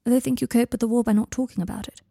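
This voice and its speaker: A tender young man speaks in a hushed, gentle voice, as a woman reads him in an audiobook. His tone is mellow and a little gravelly, and the reading is close and dry. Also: fairly high pitch, fairly even intonation, very fast, no echo, voice pushed up. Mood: calm reassuring.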